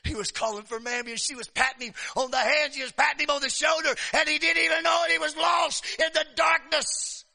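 High, gravelly-voiced shouting preacher. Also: male voice, fairly even intonation, a little fast, hardly any pauses, in a large hall. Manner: emphatic, repetitive preaching with shouted phrases. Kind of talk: sermon.

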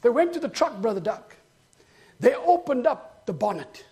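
A man preaching a sermon. He tells a story and then builds to shouted, rhythmic preaching. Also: very high-pitched, big pitch swings, moderate pace, noisy background.

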